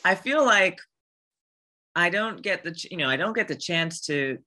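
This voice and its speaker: Brief: a voice actress chatting as a guest, lively pitch, reflective. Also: female voice, normal speed. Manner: reflective, laughing, hesitant with fillers. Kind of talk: casual interview chat.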